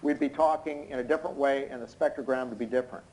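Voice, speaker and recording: A hoarse, tired man giving expert courtroom testimony over a video call, explaining in an unnaturally loud voice with many hesitant fillers. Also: mid-range voice, steady tone, quick pace, low-quality recording. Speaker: expert witness. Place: indoors in London at night.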